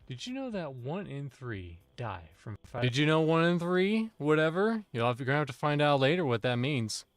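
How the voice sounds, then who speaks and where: A man's voice: a little high, very animated, normal speed, no echo. Joking male streamer, dry sound. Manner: joking, playful. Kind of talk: casual chat while gaming.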